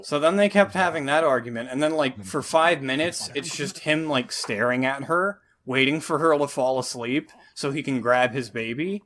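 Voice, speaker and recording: A man's voice: medium pitch, normal speed, hardly any pauses, fairly bright tone. A man giving a sarcastic, profane, exasperated movie review. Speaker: film reviewer.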